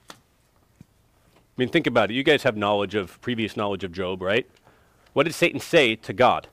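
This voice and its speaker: A man's voice: lowish voice, expressive, normal speed, long pauses, fairly bright tone, dry recording. A man teaching an interactive Bible lesson, emphatic and quizzing students for answers.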